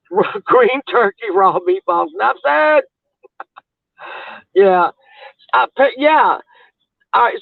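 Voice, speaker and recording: On a livestream, a high-voiced man chats in a rambling, casual way, laughing often and trailing off mid-thought. The audio is dry and tinny, like a phone.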